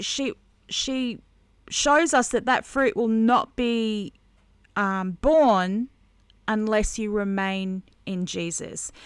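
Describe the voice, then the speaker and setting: Earnest woman teaching scripture, smooth clear voice. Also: medium pitch, no echo. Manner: earnest, halting with many restarts and fillers. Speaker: conference speaker teaching Bible journaling. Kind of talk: devotional teaching while coloring on camera.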